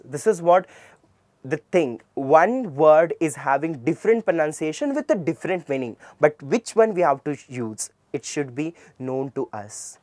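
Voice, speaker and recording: A man's voice: a little high, animated, normal speed, a little mellow, no echo, clean studio sound. A man with an Indian English accent teaching English pronunciation. He spells words out letter by letter and repeats them with emphasis. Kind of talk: classroom lecture.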